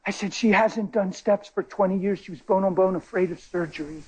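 Excitable husky-voiced male preacher. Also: a little fast. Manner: excitable, swings between loud high bursts and low quiet asides. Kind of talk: sermon storytelling. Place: church.

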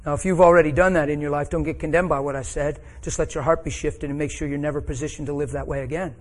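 A middle-aged man delivers a sermon in a slightly higher voice. He tells a personal story, his voice swelling and breaking with emotion. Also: steady tone, fast. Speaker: preacher.

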